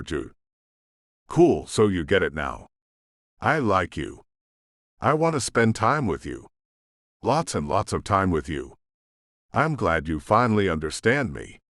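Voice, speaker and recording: A man reading as a soft, evasive young woman. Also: low voice, big pitch swings, a little slow, pauses often, no echo, clean studio sound, full character voice.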